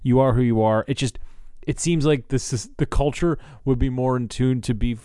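A man's voice: mid-range voice, moderate pace, mellow, clean tone, no echo, studio quality. A man chatting casually as a podcast co-host in a loose, opinionated way. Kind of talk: casual chat.

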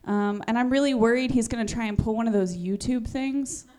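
A woman's voice: on the high side, fairly quick, warm tone. A young woman comedian telling a rambling, self-deprecating stand-up story, full of "like" and "um". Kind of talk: stand-up monologue.

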